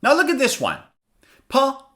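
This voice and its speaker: Teaching pronunciation online, this high-pitched man keeps his delivery lively and animated. He slows down to drill each word so listeners can repeat after him.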